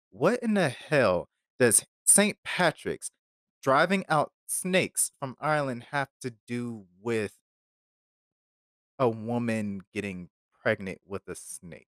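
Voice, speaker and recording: A man's voice: on the low side, fairly bright tone, dry recording, clean studio sound. A man hosting a podcast episode, talking casually and rambling with lots of fillers and wry asides. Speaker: podcast host reviewing a film. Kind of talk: casual chat.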